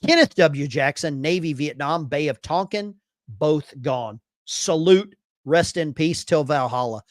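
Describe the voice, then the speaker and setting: Animated male live stream host. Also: fairly high pitch, a little slow, no echo, studio quality. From Arkansas. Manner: animated, reads chat aloud with bursts of enthusiasm. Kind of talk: casual live stream chat.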